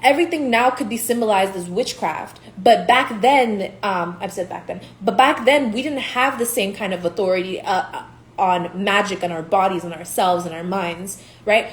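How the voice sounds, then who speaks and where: A woman's voice: mid-range voice, normal speed. Blunt, profane woman in an echoey room. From Nigeria. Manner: blunt, profane, laughs often. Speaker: tarot reader. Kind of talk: casual spiritual monologue. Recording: echoey room, faint hiss.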